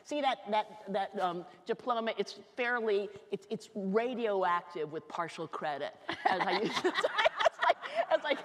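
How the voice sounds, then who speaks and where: Woman, about 60, mid-pitched, animated comic storyteller on stage in a reverberant lecture hall. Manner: rapid, animated, self-mocking. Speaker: author giving a talk. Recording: reverberant hall with faint noise.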